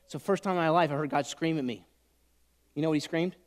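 A middle-aged man preaching a sermon, swinging from loud shouts to soft whispers. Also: a little high, quick pace. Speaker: pastor. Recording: long hall reverb.

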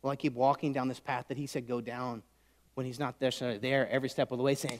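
A middle-aged man preaching a sermon, swinging from loud shouts to soft whispers. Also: medium pitch, level tone, quick pace, a little hiss or hum. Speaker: pastor. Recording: long hall reverb.

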